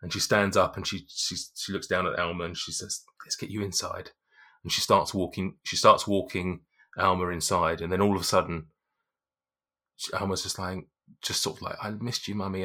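A man's voice: sits low, bright, forceful tone. A man narrating a tabletop game as game master, rambling with restarts. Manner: rambling, lots of fillers and restarts.

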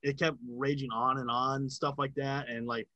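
A man's voice: mid-range voice, level tone, normal speed, bright, forceful tone, no echo, dull audio. A man in casual chat, telling a long story about working sound on a film set, with lots of filler words and swearing.

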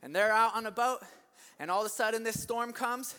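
A man preaching an energetic sermon, telling the story with animated delivery that climbs into shouts. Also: extremely high pitch, fairly quick, smooth. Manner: animated storytelling, acts out voices, rising to shouts. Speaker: pastor. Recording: long hall reverb.

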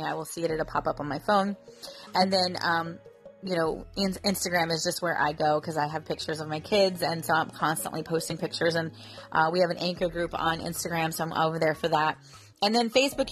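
Woman in her 30s doing a chatty faith podcast, kinda low voice, soft music in the back. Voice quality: chatty, earnest, lots of fillers like um and you know. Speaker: podcast host. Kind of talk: casual devotional podcast talk.

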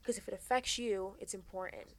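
A woman's voice: medium pitch, steady tone, brisk. A young woman hosting a podcast, giving frank, earnest advice in casual chat and swearing freely. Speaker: podcast host.

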